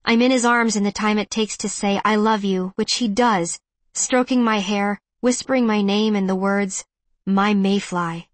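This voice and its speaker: A woman giving an intense, measured first-person audiobook narration. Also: mid-range voice, fairly even intonation, no echo.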